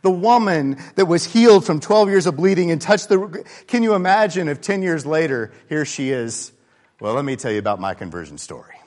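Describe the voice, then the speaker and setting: A man preaching a sermon in a conversational, candid way, swinging between loud emphasis and quiet asides. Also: on the high side, lively intonation, a little fast. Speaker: pastor.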